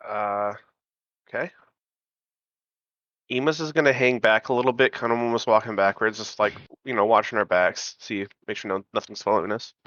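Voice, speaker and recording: A man playing a tabletop game in a relaxed, easygoing way. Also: fairly low pitch, normal speed, no echo, highs cut off. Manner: relaxed, laughs easily. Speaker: player. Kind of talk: casual tabletop play.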